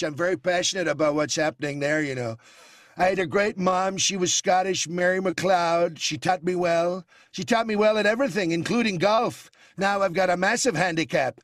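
A man's voice: high voice, a bit bright, dry recording, studio quality. A man doing a brash, boastful American tycoon. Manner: rambling, self-praising, drawn-out phrasing.

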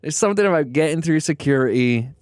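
A man's voice: fairly high pitch, expressive, fast talker, darkish tone, no room sound. A man chatting casually on a podcast, telling wry stories in a dry, mock-polite way. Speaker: podcast co-host, martini drinker. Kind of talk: casual chat.

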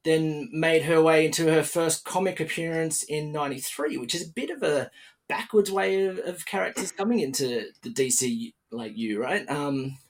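A man's voice: a little high, moderate pace. A young Australian man hosting a casual podcast interview, upbeat and chatty, with plenty of fillers and restarts. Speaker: podcast host.

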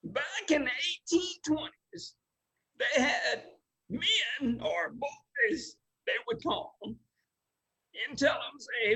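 Older male guest, high bright voice, slow unhurried telling, laughs through his stories. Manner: emotional, laughing while telling. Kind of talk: oral history storytelling.

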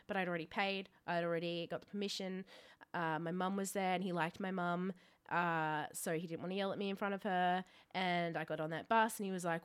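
A young Australian woman with a bright, ringing tone tells a story about herself on a podcast. She mocks herself freely, swears casually, and keeps the chat loose and unscripted. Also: mid-range voice, brisk, smooth. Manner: self-mocking, laughs often, swears freely. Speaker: podcast co-host.

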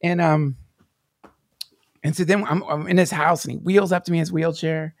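A man with a gravelly, creaky voice tells a personal story in a rambling way, full of fillers and restarts. He sometimes sounds close to tears. The sound is dry and close. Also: a little high, steady tone, moderate pace, no echo. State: near tears at times. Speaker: podcast guest.

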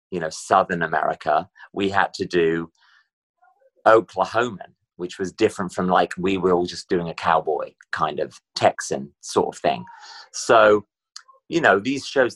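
A middle-aged man from Britain, telling stories as an interview guest. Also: sits low. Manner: chatty, animated storyteller. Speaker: guest performer. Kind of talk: casual interview chat.

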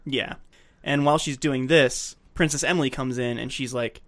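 A man's voice: medium pitch, steady tone, normal speed. A man co-hosting a casual movie-review podcast, giving sarcastic, exasperated commentary. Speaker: podcast co-host.

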